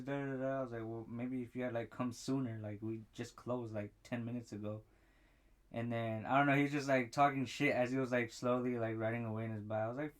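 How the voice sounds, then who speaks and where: A man's voice: medium pitch, steady tone, fairly quick. A young man, a podcast co-host, in casual profane chat, acting out the people in his story. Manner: profane storytelling, acts out quotes.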